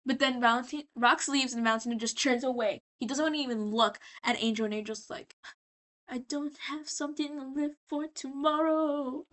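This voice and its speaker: This is a woman in a slightly tipsy mood, talking through a story in a scattered, animated way. Her voice sits a little high and sounds bright and forceful. She swears freely and keeps restarting her sentences. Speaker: video creator. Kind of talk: casual rambling recap.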